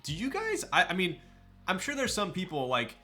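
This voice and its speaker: A man's voice: sits high, huge pitch swings, moderate pace, pushed and bright, soft background music. A man chatting casually on a live stream, hyped up, thanking viewers and laughing often while building a keyboard.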